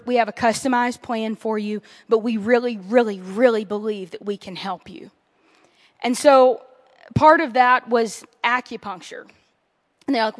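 A young woman and missionary telling her story in a sermon, animated and self-deprecating, quoting others as she goes. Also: fairly high pitch. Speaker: missionary and guest speaker. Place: church sanctuary. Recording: long reverb of a large hall.

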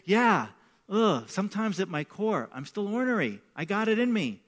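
A man's voice: high voice, very animated, moderate pace, fairly bright tone. A man preaching a sermon as pastor, telling personal stories in a conversational way and often checking in with "right?". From New York. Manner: conversational storytelling with repeated "right?".

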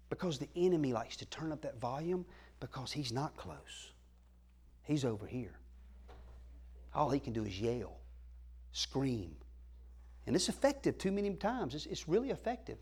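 Husky pastor preaching. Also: male voice, on the high side. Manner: swings from loud preaching to soft whispering. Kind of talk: sermon.

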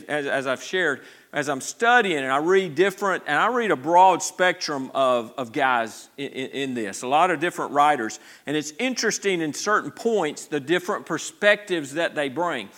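A man's voice: on the high side, a bit bright. A man preaching a sermon as pastor, talking conversationally with many restarts and asking the congregation for responses. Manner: conversational preaching with frequent restarts and repeated words.

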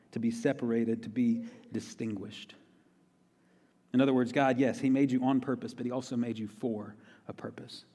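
With a dark, medium-pitched voice, a pastor delivers a conversational sermon and leans on repeated key phrases for emphasis. The sound carries a large hall's long reverb.

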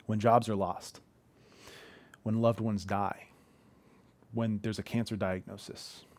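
A man's voice: on the low side, a little mellow, no room sound. A man in his thirties preaching an earnest, conversational sermon from a living room, often restarting his sentences. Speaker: pastor.

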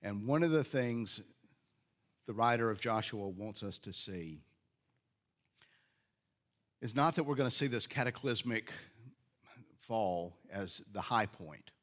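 Low-voiced man preaching a sermon. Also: expressive, slow pace, long pauses, a bit bright. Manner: conversational, storytelling with hesitations. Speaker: pastor.

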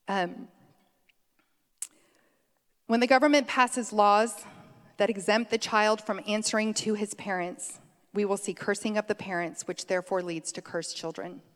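A middle-aged woman delivers a sermon in a relaxed, chatty way, laughing easily and wandering onto tangents. Her voice sits at an ordinary pitch for a woman. The sound rings out with a long hall reverb, as in a church sanctuary. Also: unhurried, pauses often. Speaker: preacher. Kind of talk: conversational sermon.

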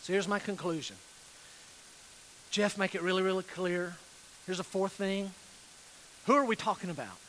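A man preaching a sermon, earnest and pleading, slowing down to stress key phrases. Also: sits high, fairly bright tone, a little hiss or hum, rough recording. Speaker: pastor.

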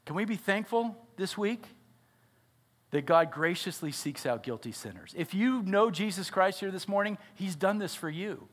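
A man's voice: high-pitched, lively intonation, normal speed, fairly bright tone. A father and pastor preaching a sermon, earnest and often asking his listeners questions. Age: adult father. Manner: earnest, asks the audience questions.

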